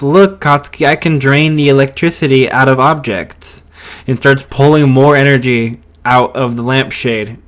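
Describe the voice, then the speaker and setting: Slow, hesitant male storyteller. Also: medium pitch, clean tone. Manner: hesitant, many fillers and restarts. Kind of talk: casual fan story narration.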